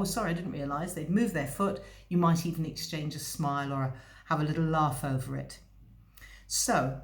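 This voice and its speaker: A woman host giving a conversational educational talk, explaining and speaking directly to the listener. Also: lowish voice. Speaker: psychologist host. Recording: echoey room.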